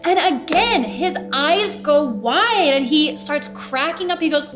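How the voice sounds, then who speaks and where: Over music, a young woman speaks slowly in a high register while hosting her podcast. Casual and animated, she recounts something that happened to her and acts out what each person said.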